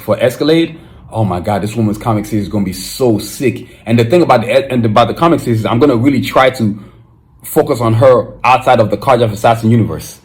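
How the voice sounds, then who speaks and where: Excited man hosting a casual podcast. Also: fairly low pitch. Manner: excited, emphatic, with many restarts and slang. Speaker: podcast host. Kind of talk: casual solo podcast monologue.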